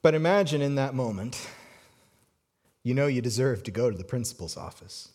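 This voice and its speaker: A male pastor preaching to his congregation in a relaxed storytelling way. He stumbles and restarts often, then sinks to a soft, hushed voice to press a point home. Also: mid-range voice, moderate pace. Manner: storytelling with many restarts, drops to soft hushed tones for emphasis. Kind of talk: sermon.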